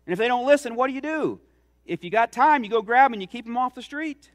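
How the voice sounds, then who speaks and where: In a church sanctuary, a middle-aged man preaches a sermon, his pitch extremely high and his delivery animated and quick. He tells stories earnestly, building toward rising emphasis.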